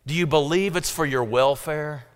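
A man's voice: a little high, normal speed, smooth, long reverb tail. A man preaching a sermon as pastor, emphatic and rising and falling in intensity.

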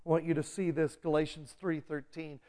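A man preaching a sermon, urgent and pleading, dropping low and quiet, then rising loud and fast. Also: level tone. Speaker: pastor.

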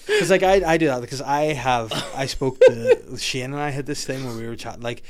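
A man's voice: medium pitch, fairly quick, hardly any pauses, slight background noise. A man hosting a casual podcast, joking around, swearing freely and laughing often. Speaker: podcast host.

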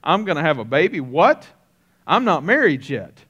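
A man's voice: a little high, sing-song, fairly bright tone, husky, dull audio, full character voice. Man voicing a flustered, bewildered young woman. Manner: halting, flustered questions.

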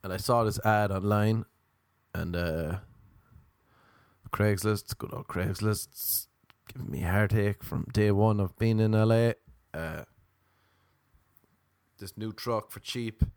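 Crude, animated man telling stories. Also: slow, pauses often, no echo. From Ireland. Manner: crude, animated storytelling with big jumps in pitch. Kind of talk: comedic monologue.

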